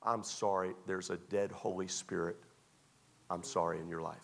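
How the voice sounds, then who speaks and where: A man preaching a sermon as pastor, emphatic and repetitive, often dropping to a quiet tone. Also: low-pitched, fairly even intonation, moderate pace, creaky.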